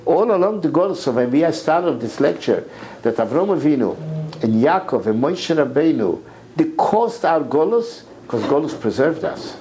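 A man giving an impassioned sermon lecture, repeating words as his voice climbs to near shouts. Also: on the high side, sing-song, moderate pace, a little hiss or hum, poor audio. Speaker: rabbi lecturer.

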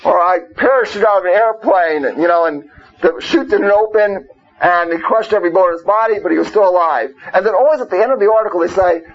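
A man's voice: high voice, breathy edge. A man teaching an informal Torah class, talking conversationally, peppering his points with rhetorical questions and Hebrew and Yiddish terms. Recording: muffled lo-fi recording.

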